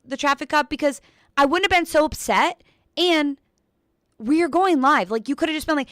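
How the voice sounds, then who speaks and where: A young woman co-hosting a radio show, telling a ranting story in a casual, animated way full of "like", often laughing. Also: high-pitched, brisk, no echo, clean studio sound. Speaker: radio co-host.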